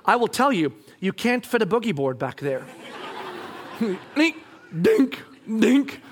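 A middle-aged male pastor tells a family story from the pulpit, joking as he goes and slipping into other people's voices. His voice sits high for a man. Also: normal speed, slight background noise. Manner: animated, jokey, acts out voices. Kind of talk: sermon storytelling.

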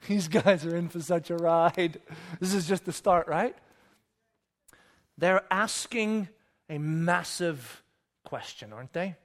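A man preaching a sermon in a conversational way, acting out the story with sudden loud and hushed moments and often asking "right?". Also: high-pitched, a little slow, pauses often. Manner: animated storytelling, acts out disciples and Jesus with sudden loud and hushed voices; conversational, keeps checking with "right?". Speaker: pastor.

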